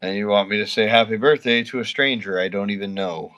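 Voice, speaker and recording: A man's voice: lowish voice, brisk, a bit bright. A man streaming live, talking to his viewers, first mumbling and reluctant, then swearing and ranting at a viewer.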